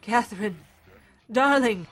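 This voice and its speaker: A woman's voice: medium pitch, animated, slow, breathy edge, faint music behind. A woman voicing a frightened, wounded male archivist who cries out and pleads melodramatically. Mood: feverish flirting.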